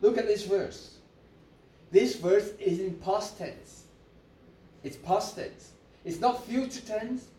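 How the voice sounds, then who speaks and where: A man's voice: high voice, mellow, a little hiss or hum. A man preaching a sermon, repeating his points for emphasis and leading the congregation in call-and-response. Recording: echoey room, mic at a distance.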